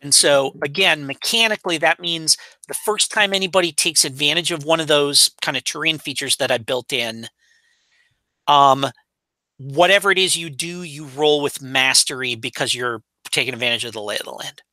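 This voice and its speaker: A man's voice: a little high, moderate pace, sharp tone, no echo. A man playing a tabletop game, describing a scene he invented in a rambling way and correcting himself as he goes. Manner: rambling, hesitant, self-correcting. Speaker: player.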